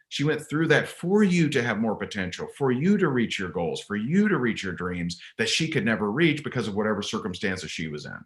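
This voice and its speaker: A man's voice: on the low side, fairly bright tone. A man, a business coach and interview guest, telling a story from a coaching call in an emphatic, conversational way and often restarting his thoughts. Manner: emphatic, repeats words when restarting a thought.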